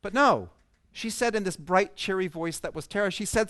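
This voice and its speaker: A man's voice: high voice, animated, moderate pace, fairly bright tone, no echo. A man giving a conference talk, telling a personal story with humor and self-deprecating asides to an audience. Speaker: speaker at a coaching conference. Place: conference stage.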